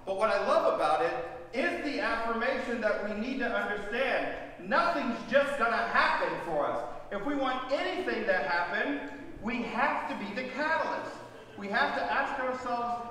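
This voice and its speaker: Man, pastor, storytelling sermon, high-pitched, long church-hall reverb. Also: animated, moderate pace, sharp tone. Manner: storytelling, questions to the congregation. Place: church sanctuary. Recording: echoey church hall, voice from far off.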